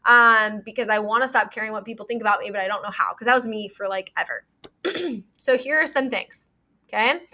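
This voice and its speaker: Talking on her own podcast, a young woman speaks a little fast in a high, sharp-toned voice. She's chatty and earnest, giving advice while leaning heavily on "like" as a filler.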